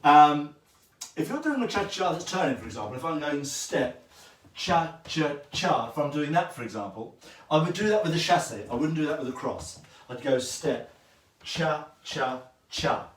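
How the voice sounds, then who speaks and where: A man's voice: a little high, expressive, moderate pace, recorded from a distance. Man teaching a dance while counting. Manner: counts steps aloud while demonstrating, chatty and encouraging. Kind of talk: livestreamed dance lesson. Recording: echoey room, voice from afar.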